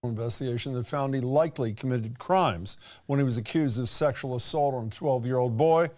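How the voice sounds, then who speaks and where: A man reading a news report in a measured, formal delivery, played as a clip. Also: mid-range voice.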